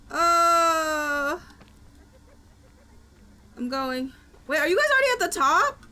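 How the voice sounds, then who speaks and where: A woman's voice: extremely high pitch, sing-song, takes it slowly, long pauses, pushed and bright. A woman streaming gameplay with friends, talking in a dramatic, playful way and breaking into mock-panicked shrieks and wails.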